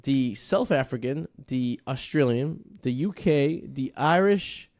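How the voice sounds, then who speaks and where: A man's voice: mid-range voice, lively intonation, slow, darkish tone. A man from the Boston area with a Boston accent, hosting a podcast in a crude, rambling casual chat full of swearing. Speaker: podcast host.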